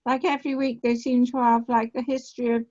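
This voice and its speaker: A woman with a somewhat high, level, slightly mellow voice chats casually and quickly over a video call in an online class, often repeating herself. The audio is dull, lo-fi video call sound.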